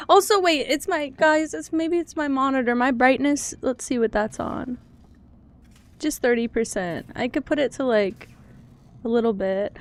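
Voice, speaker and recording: A high-pitched young woman streamer talking her chat through a game. She sounds nervous and giggly, swinging between scared whimpers and offhand commentary. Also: moderate pace.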